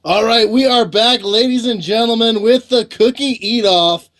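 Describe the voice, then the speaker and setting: A man's voice: very high-pitched, moderate pace, a bit bright. A man on a casual gaming podcast, teasing and doing announcer-style intros.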